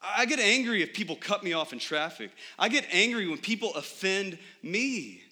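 A man's voice: sits high, lively intonation, normal speed, bright, forceful tone. A young adult man preaching a sermon in church, conversational, with frequent rhetorical questions to the congregation. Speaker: pastor.

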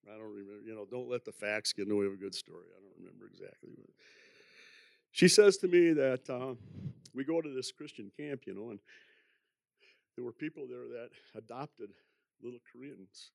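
An older man with a gravelly, creaky voice tells his church testimony, wandering through the story and chuckling at himself. The sound is dry and close, with no room ring. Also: medium pitch, lively intonation, fairly quick, darkish tone, dry recording. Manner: rambling, chuckling, self-deprecating. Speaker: church member giving testimony.

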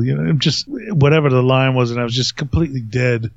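A man's voice: medium pitch, brisk, gravelly, no echo. A man hosting a podcast, telling a long story in a rambling way and chuckling often. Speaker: podcast host. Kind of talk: casual storytelling. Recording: dull lo-fi sound.

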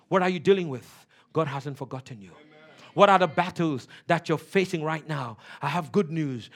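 A man preaching a sermon as pastor, shouting repeated declarations to a congregation and then dropping to soft, low passages.

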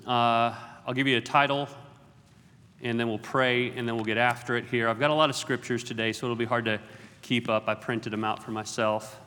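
Joking middle-aged preacher in a reverberant hall. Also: male voice, medium pitch, steady tone, fairly quick, sharp tone. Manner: jokey, self-deprecating asides. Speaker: guest preacher. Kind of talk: sermon. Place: large auditorium.

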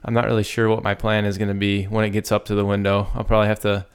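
A man co-hosting a casual podcast, talking in a rambling, halting way with many fillers. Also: fairly low pitch, monotone, clear, resonant tone. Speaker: podcast co-host. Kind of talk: casual chat.

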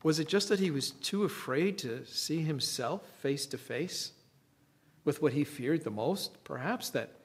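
Unhurried male preacher, reflective sermon, slightly high-pitched, leans on pauses. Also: animated. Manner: slow, reflective, with dramatic pauses.

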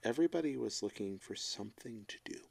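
A middle-aged man co-hosting a casual chat, talking in a reflective, emotional and halting way. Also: mid-range voice, lively intonation, creaky, darkish tone. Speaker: podcast co-host.

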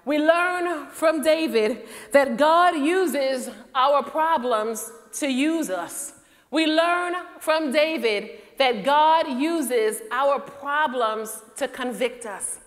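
A woman preacher delivering a sermon with rhythmic repetition, rising to loud peaks and sinking to hushed appeals, asking the congregation questions and answering them herself. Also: high voice, drawn-out words. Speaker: military chaplain. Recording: long reverb of a large hall.

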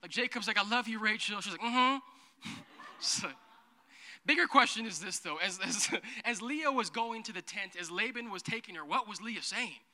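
A high-pitched, very bright-voiced man gives a playful, joking sermon as a pastor. He keeps slipping into quick acted-out asides, and his voice rings with long reverb from a church hall. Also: lively intonation. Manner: playful, jokey, acts out characters in quick asides. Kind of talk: humorous sermon.

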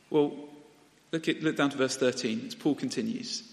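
A young man preaching a sermon, talking to the congregation in a conversational, animated way. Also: fairly high pitch, fairly quick. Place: church hall. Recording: long hall reverb.

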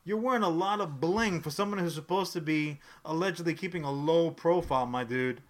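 A man's voice: a little high, brisk. A man co-hosting a comedy podcast, riffing in casual banter and dropping into silly voices. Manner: animated, breaks into silly impressions. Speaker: podcast co-host. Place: recording with camera, live to tape.

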